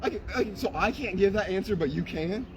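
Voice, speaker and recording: Young guy, counter-protester, high voice, rapid-fire and combative, shouts through loud street noise. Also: animated. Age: young adult. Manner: combative, profane, shouts often. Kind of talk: heated street argument.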